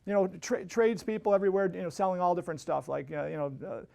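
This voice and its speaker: A man's voice: high voice, quick pace, creaky, darkish tone. A man hosting a podcast, telling a casual story that rambles with many restarts and tag questions. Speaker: podcast host.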